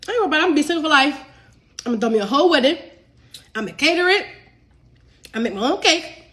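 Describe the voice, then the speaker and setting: A high, animated voice, quick-paced, pushed and bright, belongs to a woman cooking on a casual livestream despite a cold. The home cook and cookbook author sniffles, chats with viewers she calls y'all, and laughs easily.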